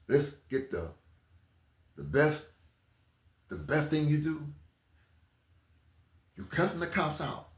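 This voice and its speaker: A man preaching in an animated, storytelling way with vernacular grammar, in an echoey room. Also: a little high. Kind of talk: comedic sermon.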